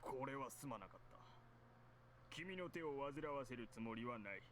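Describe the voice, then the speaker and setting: A man voices a shrewd middle-aged corporate director in a visual novel, genial on the surface and condescending underneath. He talks briskly at a middling pitch. A steady hiss sits under the game audio. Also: lightly acted.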